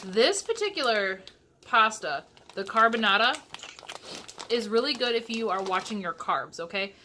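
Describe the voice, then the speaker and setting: A woman's voice: fairly high pitch, animated, moderate pace, background noise. A young woman from Michigan chatting casually through a cooking vlog in her home kitchen, with sassy asides. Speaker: vlogger.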